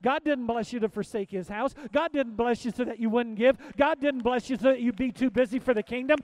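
A middle-aged man preaching as a pastor, swinging between soft pleading and loud emphatic exhortation with many repeated phrases. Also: very high voice, brisk, hardly any pauses, no echo, a faint crowd. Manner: preaching with rising and falling intensity, repetitive exhortations. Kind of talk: sermon.

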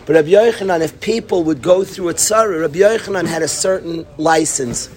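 A man teaching an informal Talmud class, telling stories with lively energy and peppering his talk with yeshiva terms. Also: on the high side, a little fast. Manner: animated storytelling, breaks into laughter and acts out his study partner; sprinkles Yiddish and Hebrew yeshiva terms.

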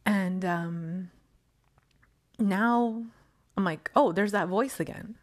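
A woman's voice: medium pitch, slow. A woman hosting her own podcast in a casual solo monologue, rambling with many fillers and laughs, acting out her own quoted thoughts. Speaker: podcast host.

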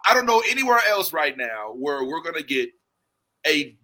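A man hosting a casual podcast chat, animated and laughing often as he talks. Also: on the high side, moderate pace, poor audio. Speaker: podcast host.

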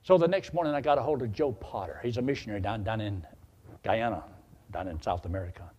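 A man's voice: on the low side, quick pace, highs cut off. A male preacher telling a personal story in a sermon, acting out the dialogue as he goes. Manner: animated, acts out dialogue.

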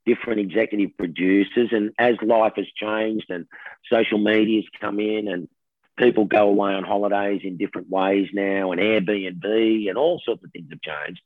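A middle-aged Australian man, a television host, telling stories in a lively casual chat and laughing often. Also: lowish voice, no room sound. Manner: animated storyteller, laughs often, says mate. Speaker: TV host guest. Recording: tinny phone line, dry.

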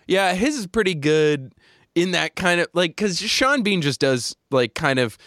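A man's voice: high voice, animated, unhurried, fairly bright tone, no echo, clean studio sound. A man hosting a casual podcast chat, rambling through tangents with lots of fillers and frequent laughter. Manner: giggly, rambling with many fillers. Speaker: podcast host.

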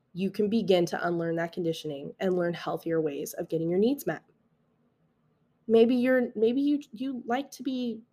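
Woman podcast host, mid pitch, earnest and reassuring, casual solo talk with restarts. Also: mellow. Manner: earnest, reassuring, many restarts and "right?" asides.

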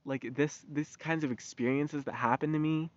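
A man's voice: fairly high pitch, fairly even intonation, normal speed, no echo. A man ranting in a casual monologue, heated and slangy, swearing freely. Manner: profane, heated, loose and slangy. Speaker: vlogger. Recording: dull lo-fi recording.

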